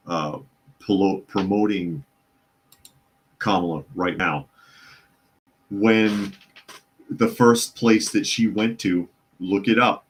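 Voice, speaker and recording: A man with a low, deep voice hosts a casual live news talk podcast. He reads chat comments aloud and answers them in a sarcastic, opinionated way. His delivery rambles, with fillers and repeated phrases. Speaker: podcast host.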